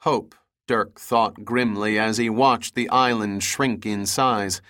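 A man reading an adventure audiobook aloud in a steady, measured narration. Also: lowish voice.

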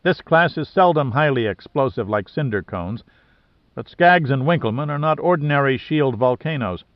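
A man narrating a thriller audiobook in a steady, even reading manner. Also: medium pitch, normal speed, dry recording. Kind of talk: scripted narration. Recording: dry, slightly dull lo-fi sound.

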